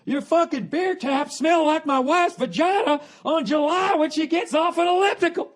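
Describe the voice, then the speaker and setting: A furious bar-makeover tough guy, as a man puts him on, yelling way up high and strained, slow and crude. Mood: screaming. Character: furious male bar-makeover host, screaming.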